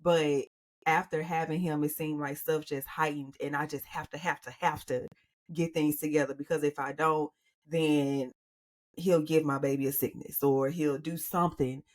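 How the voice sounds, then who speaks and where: Low-voiced, earnest woman co-host. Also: fairly even intonation, normal speed, darkish tone. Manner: earnest, searching for words. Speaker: podcast co-host. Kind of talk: casual chat.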